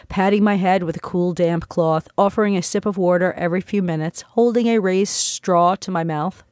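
A woman reads her memoir aloud in a slow, reflective, heartfelt way. Her voice sits at a middle pitch. The recording is dry and close, with no room sound. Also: darkish tone, no room sound. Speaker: memoir narrator. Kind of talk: audiobook narration.

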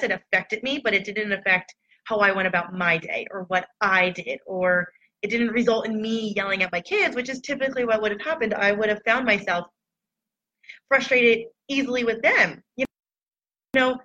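A woman's voice: mid-range voice, pushed and bright. A woman talking casually and candidly to her online followers in a reflective, loose storytelling way. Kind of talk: casual personal talk to followers. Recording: dull lo-fi recording.

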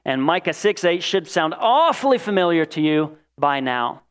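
A man preaching a sermon, shifting between loud, emphatic lines and quiet, drawn-out ones as he acts out quoted voices. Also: a little high, clear, resonant tone. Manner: expressive preaching, dramatic quoted voices, swings loud and soft. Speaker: pastor.

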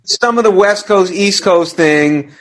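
A man's voice: high-pitched, measured pace, fairly bright tone, rough recording. A man hosting a music-business podcast, asking his guest loose, hesitant questions. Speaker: podcast host. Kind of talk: casual interview.

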